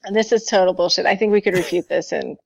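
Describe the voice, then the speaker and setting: A woman's voice: lowish voice, fast talker, gravelly, husky, dry recording, lo-fi sound. Blunt sarcastic woman co-host. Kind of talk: casual chat.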